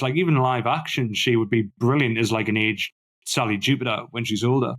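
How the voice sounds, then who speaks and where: A man co-hosting a casual film-review podcast, talking with enthusiasm and repeating words when excited. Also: medium pitch, a little fast. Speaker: podcast co-host.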